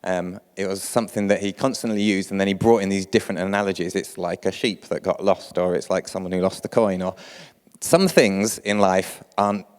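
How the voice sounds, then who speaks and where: A man's voice: low voice, fairly even intonation, brisk, smooth. A man leading his church in a casual, conversational sermon. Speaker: church leader. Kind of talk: informal sermon. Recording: long hall reverb.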